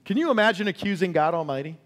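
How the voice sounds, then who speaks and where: A male pastor preaching a sermon, asking the congregation questions and acting out quoted cries before dropping to a hush. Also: sits high, expressive, very fast. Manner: acts out quoted cries loudly and drops to a hush.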